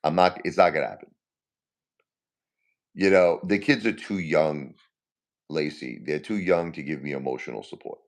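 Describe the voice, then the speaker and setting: Grieving male live-stream host in his forties, very deep and gravelly, rambling and repetitive. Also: moderate pace, pauses often. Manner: repeats himself, talks straight to chat viewers by name. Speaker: livestream host. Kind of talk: casual live-stream talk to viewers.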